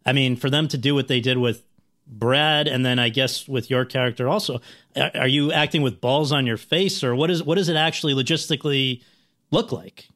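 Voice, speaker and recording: A man's voice: mid-range voice, a little fast, fairly bright tone. A man hosting an interview, asking long, searching questions with hesitant fillers. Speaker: interview host.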